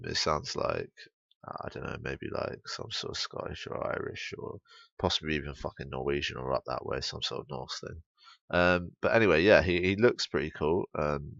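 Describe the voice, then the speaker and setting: A man's voice: a bass voice, creaky, a bit bright, no echo, lo-fi sound. A young English man giving blunt, sweary, rambling commentary on a game patch. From England.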